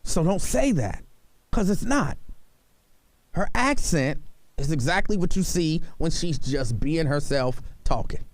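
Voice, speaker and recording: A man's voice: fairly high pitch, animated, unhurried, no room sound. A man hosting a talk radio show from a studio, arguing his point emphatically and hammering it home by repeating himself. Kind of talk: opinionated talk radio monologue. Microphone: studio microphone.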